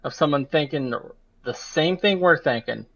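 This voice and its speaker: A man's voice: a little high, normal speed, vocal fry, fairly bright tone. Easygoing man on a dull-sounding mic. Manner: easygoing, rambling, self-amused. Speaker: podcast co-host. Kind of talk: casual chat.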